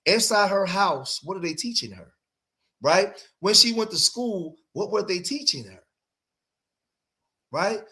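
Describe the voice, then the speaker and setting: Man, high voice, bright and forceful, emphatic host, rhetorical questions, reaction commentary. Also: expressive, measured pace, long pauses. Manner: emphatic, rhetorical, keeps asking "right?". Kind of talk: reaction commentary on played clips.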